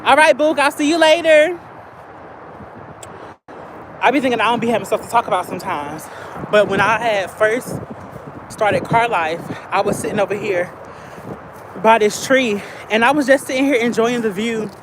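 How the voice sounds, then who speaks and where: A trans woman who lives in her car, chatting in slangy storytelling on a phone livestream while she walks outdoors in a field near a highway. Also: moderate pace. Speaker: vlogger living in a car. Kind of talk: casual livestream chat. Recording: loud outdoor traffic noise. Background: highway traffic.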